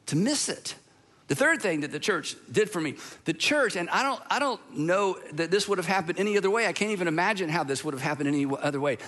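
A man's voice: high voice, bright, forceful tone. A middle-aged man from Georgia, a pastor giving a sermon, telling personal stories in a conversational way with self-deprecating asides. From Georgia, USA.

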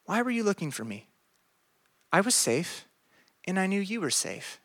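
A man doing a calm gentle boy of twelve. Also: sits high, normal speed, no echo, studio quality, voice pushed up, heavily acted. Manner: soft, quiet, reassuring.

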